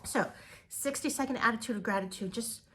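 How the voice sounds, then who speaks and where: A woman's voice: on the high side, brisk, bright, forceful tone, slight background noise. A woman giving an upbeat motivational talk to her direct sales team, repeating words for emphasis.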